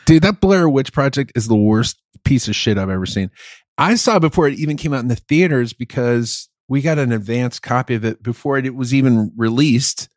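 A man co-hosting a casual podcast chat, talking in an animated, emphatic way. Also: mid-range voice, brisk, no echo, studio quality. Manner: animated, emphatic, gets loud when worked up. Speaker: podcast co-host.

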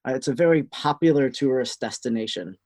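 A man with a Wisconsin accent, a guest answering in a steady, explanatory way. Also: medium pitch, fairly quick. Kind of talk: casual interview answers.

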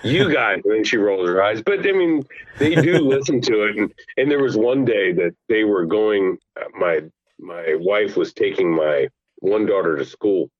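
A middle-aged man calls in as a podcast guest, his fairly low voice swinging up and down as he tells family stories with easy laughter. The phone line makes him sound dull and lo-fi, and the sound is dry. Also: moderate pace, no echo. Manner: animated, laughing storyteller. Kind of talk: casual chat, telling family stories.

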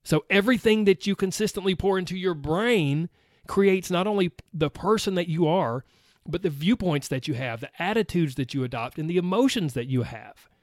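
A man's voice: sits high, animated, normal speed, no room sound, studio quality. A man hosting a motivational podcast, talking earnestly and acting out his listeners' objections. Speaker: podcast host.

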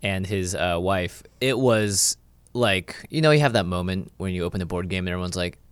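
A man's voice: deep voice, moderate pace, clear, resonant tone, no room sound. Easygoing young Canadian man, dry sound. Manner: easygoing and jokey. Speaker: podcast guest. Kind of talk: casual interview chat.

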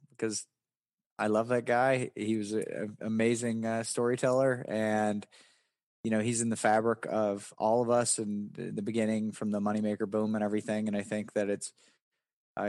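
A man's voice: fairly low pitch, flat delivery, normal speed, darkish tone, dry recording, studio quality. A man from West Virginia with a Southern accent, a poker player answering interview questions in a rambling, casual way. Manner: rambling, many restarts and fillers.

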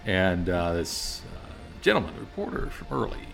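A man's voice: low-pitched, very animated, moderate pace, creaky, fairly bright tone, soft background music. A man narrating a tabletop game as game master, easygoing and hesitant, with many ums. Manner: easygoing, hesitant, laughs at own jokes.

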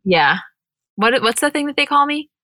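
A young woman co-hosts a podcast in a bright, forward voice, chatting casually and animatedly. The sound is close and dry, with little room around it. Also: high-pitched, animated, normal speed, dry recording. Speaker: podcast co-host. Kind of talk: casual chat.

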